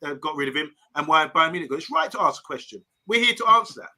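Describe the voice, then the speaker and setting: A man's voice: a little high, expressive, quick pace, sharp tone. A man co-hosting a live fan stream, chatting casually and reading viewer comments aloud. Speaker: podcast co-host.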